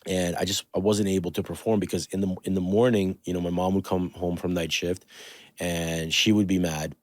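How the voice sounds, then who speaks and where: A man with a very low, deep voice tells a story in a loose, casual style, dropping swear words and fillers as he goes. He's from the Toronto area and hosts a podcast. The sound is dry and close, with no room echo. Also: little pitch movement, fairly quick. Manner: loose and profane, with many fillers. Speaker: podcast host.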